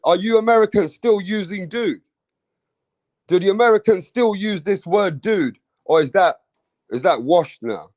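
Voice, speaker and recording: A man's voice: fairly high pitch, a little mellow, no echo, studio quality. A man with an English accent hosting a casual boxing live stream, joking with viewers and swearing freely. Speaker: boxing channel host.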